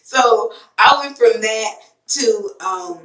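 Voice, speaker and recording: A woman's voice: on the high side, slow pace, fairly bright tone, distant mic. Rambling woman vlogging from an echoey bathroom. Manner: rambling, emotional storytelling with many fillers. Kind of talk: casual chat to camera. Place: home bathroom.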